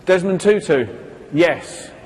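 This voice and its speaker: A man's voice: high voice, lively intonation, slow pace. A man presenting a live talk to an audience from a stage, asking them questions and acting out little quoted exchanges. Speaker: seminar presenter. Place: stage in a hall. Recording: reverberant hall, faint background hiss.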